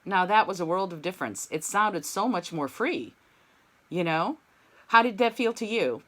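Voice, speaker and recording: A woman's voice: lowish voice, animated, normal speed, fairly bright tone. A woman voice teacher giving a one-on-one singing lesson, talking in an encouraging, reflective way with frequent "you know"s.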